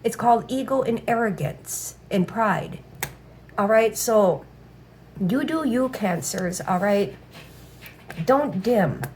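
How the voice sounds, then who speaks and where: A woman's voice: medium pitch, a little mellow, slight background noise. A woman giving a casual tarot reading, blunt and profane, with a habit of saying "all right" again and again. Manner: blunt, swears freely, repeats "all right". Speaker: tarot reader.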